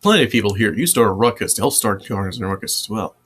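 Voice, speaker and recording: A man's voice: on the low side, lively intonation, fast, fairly bright tone, breathy edge. A man voicing a big male alien underworld contact who lectures sternly. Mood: warning.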